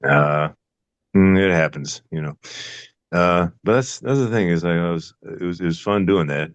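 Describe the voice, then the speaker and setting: A man's voice: deep voice, moderate pace, no echo, muffled recording. An older man, an actor guest, musing in a casual interview, rambling with many fillers and restarts.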